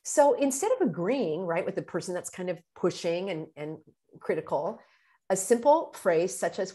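A woman's voice: medium pitch, normal speed. Earnest woman giving self-help advice. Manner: earnest, animated, drops to hushed tone for quoted prayers and phrases. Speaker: YouTube advice host. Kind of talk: motivational self-help talk.

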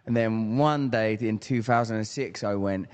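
A man from England, chatting as a guest in a relaxed, rambling, reflective way with many fillers. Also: lowish voice, moderate pace. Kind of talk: casual interview chat.

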